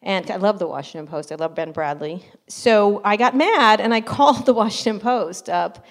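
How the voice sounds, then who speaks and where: A middle-aged woman speaks as an interview guest, blunt and animated. She tells her anecdotes briskly and acts out the people in them. Her pitch sits in an ordinary middle range. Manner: blunt, animated, quick to laugh, mimics others in anecdotes. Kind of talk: casual storytelling interview.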